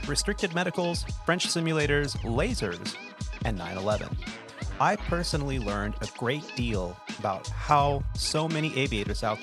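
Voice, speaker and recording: A man in his forties hosting a podcast and telling lively, laugh-filled stories, then reading a scripted show intro. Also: medium pitch. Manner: animated storyteller who laughs often. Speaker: podcast host and airline pilot. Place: home studio.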